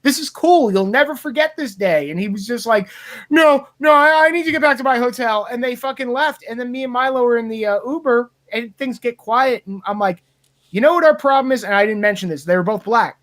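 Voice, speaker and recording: A man's voice: extremely high pitch, fairly quick, fairly bright tone. A man telling rambling, profane stories in a casual podcast chat. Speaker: podcast co-host.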